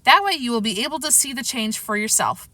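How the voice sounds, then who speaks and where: A woman's voice: fairly high pitch, expressive, a little fast, bright, forceful tone, no echo. A woman voicing a patient mother who coaxes and reassures her young son. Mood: reassuring. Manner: soothing, coaxing.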